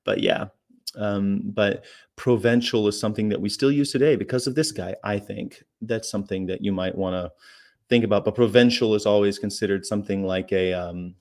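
A man's voice: on the low side, moderate pace, darkish tone. A man hosting a casual daily chat, rambling through the day's history with fillers and asides. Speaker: vegan channel host.

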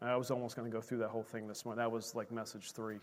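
A man preaching a sermon as pastor, animated, swinging from shouts to hushed asides. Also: medium pitch, racing, in a large hall.

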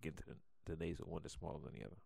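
A man co-hosting a casual podcast chat, laid-back and deadpan, with a slight stutter and halting restarts, on a close studio mic. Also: very deep voice, vocal fry, husky, dry recording. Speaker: podcast co-host.

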